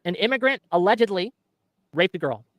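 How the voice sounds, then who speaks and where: A man ranting in a clip, fast and profane, hammering his points with repetition. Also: sits high, expressive, a bit bright, no echo, clean studio sound. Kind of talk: heated rant.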